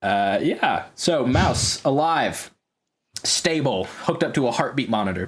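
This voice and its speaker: A man's voice: mid-range voice, measured pace. Young man narrating as game master. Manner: casual, animated narration.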